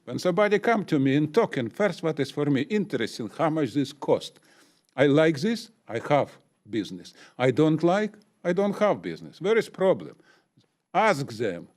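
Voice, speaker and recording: A man's voice: on the high side, very animated, normal speed, darkish tone. A man giving an emotional public comment at a city council meeting, speaking broken, non-native English.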